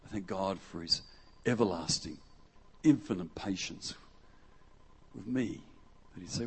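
Middle-aged preacher, husky voice, casual and jokey with the congregation, plays out little quotes. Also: male voice, sits low, measured pace. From Western Australia. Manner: jokey and conversational, acts out quotes. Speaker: guest preacher. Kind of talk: lively sermon with audience interaction. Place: church hall before a congregation.

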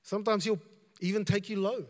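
High-voiced man preaching in a hall. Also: steady tone, a little fast, a little mellow. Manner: conversational preaching with repetitions and asides. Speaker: pastor. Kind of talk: sermon.

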